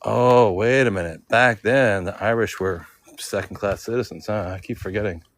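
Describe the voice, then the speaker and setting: Low-voiced man musing aloud outdoors. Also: moderate pace, slight background noise, rough recording. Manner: rambling, thinking aloud, asks himself questions. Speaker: vlogger. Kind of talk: casual walking vlog. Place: outdoor cemetery in full sun.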